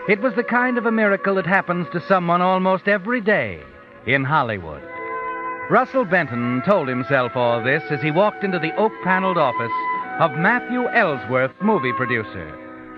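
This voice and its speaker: An actor playing a mysterious, all-knowing male narrator in a 1940s radio drama, speaking in an ominous, taunting way. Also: a little high. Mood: wry. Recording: dull 1940s radio broadcast with music. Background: music.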